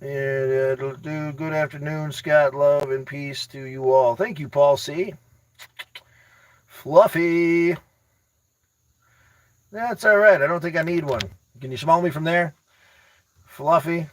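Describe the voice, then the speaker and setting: Excitable male streamer, slightly high voice, rambling motivational chat with viewers. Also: moderate pace, few pauses, no echo, rough recording. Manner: excitable, rambling, repeats words; addresses viewers by name, teasing. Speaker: livestream host reading chat. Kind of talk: casual motivational livestream chat.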